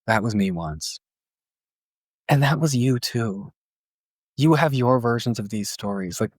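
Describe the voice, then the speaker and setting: A man's voice: mid-range voice, animated, measured pace, pauses often, no echo, studio quality. A man, a therapist hosting a podcast, telling a personal story in a casual, emotional way, with lots of "like" fillers and some swearing. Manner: emotional, inward.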